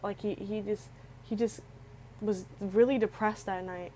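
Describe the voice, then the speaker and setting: A woman's voice: medium pitch, fairly even intonation, measured pace, mellow, a little hiss or hum, poor audio. Tearful young woman telling a story. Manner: rambling, repeats filler words, restarts sentences. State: tearful, close to crying. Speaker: vlogger. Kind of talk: emotional storytelling.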